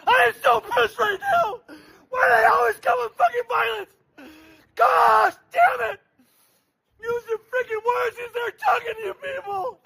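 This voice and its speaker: A man crying and shouting in a frantic, screaming outburst. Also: very high voice, measured pace, vocal fry, poor audio. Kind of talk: filmed angry outburst.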